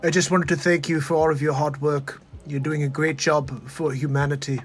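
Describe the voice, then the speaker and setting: A performer doing a comic impression of a male tech billionaire, speaking slowly and hesitantly. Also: mid-range voice, level tone, soft background music, lightly acted. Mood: earnest. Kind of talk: comedic celebrity impression.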